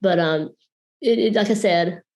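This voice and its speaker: A woman's voice: mid-range voice, unhurried, darkish tone. A woman teacher, chatting casually as a guest speaker and acting out quoted voices. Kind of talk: casual online talk.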